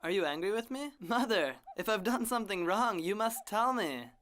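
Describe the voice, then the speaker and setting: A woman's voice: medium pitch, animated, normal speed, fairly bright tone, a little hiss or hum, close to an everyday voice. A woman voicing an earnest young village man. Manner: earnest, polite.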